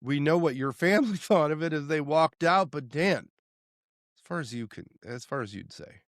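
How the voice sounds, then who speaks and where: A man's voice: a little high, expressive, moderate pace, no echo, clean studio sound. A man co-hosting a podcast, chatting playfully about a movie, quoting lines and trailing off into restarts. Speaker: podcast co-host. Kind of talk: casual movie-review chat.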